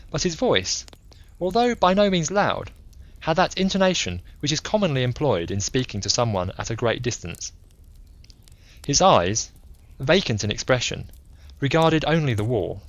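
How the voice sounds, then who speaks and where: A man narrating a classic story as a calm bedtime audiobook. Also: medium pitch.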